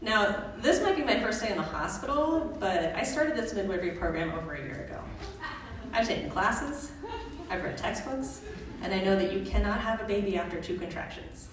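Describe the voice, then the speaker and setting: A woman tells a live personal story in a comic, self-mocking way, pitched in a middling range. Her voice sits at a distance from the mic and rings through a very echoey hall. Steady background noise runs beneath her. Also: moderate pace. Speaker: storyteller, student midwife.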